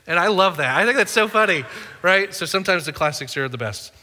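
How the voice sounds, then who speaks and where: A man's voice: fairly high pitch, a little fast, sharp tone, big-room sound. A man preaching a sermon as a pastor, conversational and playful with the congregation. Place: church auditorium.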